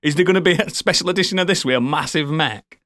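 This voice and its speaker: A man co-hosting a casual gaming podcast, excitable and jokey, laughing often. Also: on the high side, fast, no echo. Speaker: podcast co-host. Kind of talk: casual chat.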